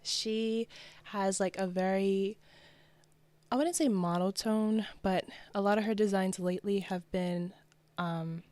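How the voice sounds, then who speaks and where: A woman's voice: mid-range voice, slow, darkish tone, no room sound. A young woman from New Jersey, a fashion designer, talking as a guest in a casual interview, chatty and upbeat with lots of "like" and "you know".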